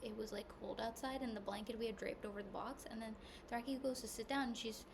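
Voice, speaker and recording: A woman podcast host telling a personal story in a candid, rambling way, with lots of "like", at times hushed and at times loud. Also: fairly high pitch, steady tone, fast talker. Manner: rambling and candid, heavy use of "like", swings between hushed and loud. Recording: noisy background hiss.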